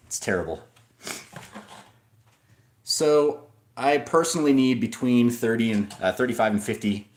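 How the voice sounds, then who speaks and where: A man hosting a casual livestream, talking in a rambling way, answering viewer comments and often restarting his sentences. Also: mid-range voice. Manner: rambling, with frequent restarts and asides. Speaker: livestream host.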